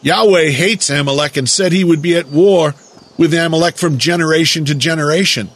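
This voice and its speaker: A man delivering a slow, deliberate lecturing monologue, drawing out words for emphasis. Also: a little high. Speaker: speaker giving a monologue lecture.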